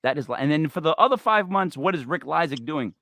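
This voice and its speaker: Male talk host, lively and bright, dry close sound, rambling and joking, high voice. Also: quick pace, no echo. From Italian-American. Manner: animated, digressive, joking. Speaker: podcast host. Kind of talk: rambling comedic talk show chat.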